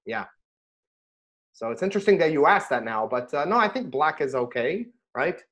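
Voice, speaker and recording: A middle-aged man, a rabbi, chatting casually about scripture and telling stories with lively bursts when he quotes himself. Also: a little high, moderate pace. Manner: animated storyteller, rises sharply when quoting himself. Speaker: rabbi and podcast host. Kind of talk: casual Torah discussion and storytelling.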